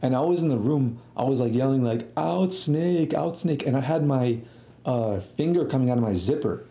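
A man's voice: mid-range voice, fairly quick, warm tone. A young man telling a rambling story in a casual, slangy way, swearing freely. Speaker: storytelling streamer. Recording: echoey room.

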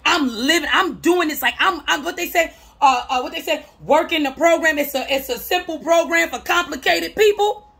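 A woman vlogger talking about her recovery, emphatic and repetitive like a preacher, often laughing and breaking into shouts. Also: sits high, moderate pace, gravelly. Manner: emphatic, repeats phrases, preacher-like cadence. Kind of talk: motivational talk to camera.

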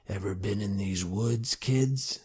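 A man voicing a tall, old cowboy marshal with a dry, grumbly, low drawling voice. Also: slow, darkish tone, breathy edge, full character voice. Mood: gruff.

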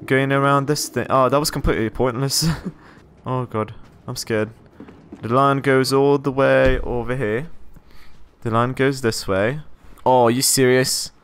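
A young man playing a horror game and talking through it, jittery and quick to exclaim and repeat words when scared. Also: medium pitch, steady tone, fairly bright tone, smooth. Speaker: gaming YouTuber. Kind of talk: horror game let's play commentary.

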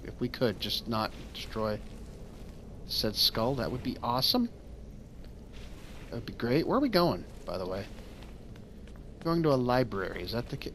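A man's voice: on the low side, fairly bright tone, slight background noise. A man hosting a let's play, rambling and wisecracking through his gameplay commentary.

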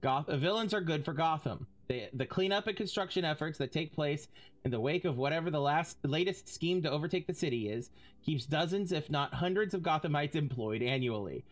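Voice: medium pitch, expressive, fairly quick. Laughing, swearing game streamer. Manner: reads in-game text aloud, bursts into loud laughter; swears casually. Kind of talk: casual let's-play commentary.

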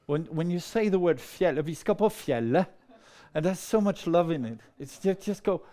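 A man talking casually to an audience, rambling and lively, often laughing. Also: on the high side, moderate pace. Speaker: storyteller. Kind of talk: casual talk to a live audience.

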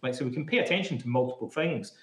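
A man's medium-pitched, fairly bright voice moves at a quick pace with lively intonation, over a little hiss or hum. He's being interviewed as a psychotherapist, explaining in a casual, chatty way thick with "like." The room is echoey.

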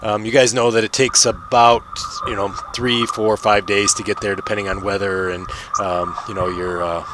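A man's voice: fairly low pitch, level tone, normal speed, background noise. A man running a tabletop game as game master, narrating loosely with lots of fillers. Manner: rambling, many fillers.

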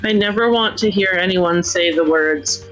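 A woman's voice: fairly low pitch, moderate pace, fairly bright tone, faint music behind, low-quality recording. A woman making dry, wry asides in casual chat while voice-acting a game with friends. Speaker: fan voice actor and player.

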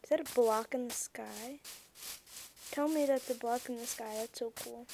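High-pitched, excitable young woman gamer. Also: moderate pace, vocal fry, slight background noise, poor audio. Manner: excitable, easily flustered, exclaiming at the game. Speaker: gameplay streamer. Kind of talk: casual gameplay commentary.

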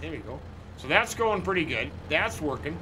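A man's voice: fairly high pitch, sing-song, moderate pace, noisy background. A man chatting casually to viewers while playing a farming game, rambling and cracking jokes. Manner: rambling, joking asides to viewers. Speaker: gaming channel host.

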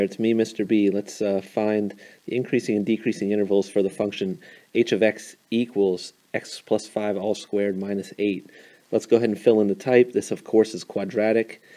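Deep-voiced man teaching math. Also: level tone, normal speed, dark tone. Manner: informal, fillers, playful sound effects. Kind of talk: explaining over a graph.

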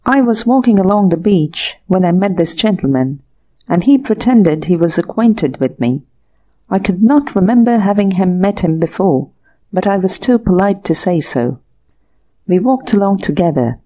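An anxious, excitable young man, as a woman narrator voices him, talking earnestly and eagerly. Her mellow tone keeps him soft at the edges. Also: mid-range voice, moderate pace, lightly acted.

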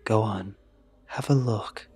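A man's voice: fairly low pitch, takes it slowly, a little mellow, breathy edge. A man voicing an ancient witch who poses as a sweet older woman, with a sly, teasing, cackling manner, in a horror story reading.

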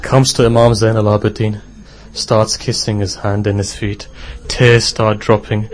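A man's voice: fairly low pitch, little pitch movement, unhurried. A man giving an emotional sermon, speaking directly to the congregation and often raising his voice. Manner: impassioned, addresses the congregation directly; rises to a strained, raised voice at the climax. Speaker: preacher giving a mourning lecture.

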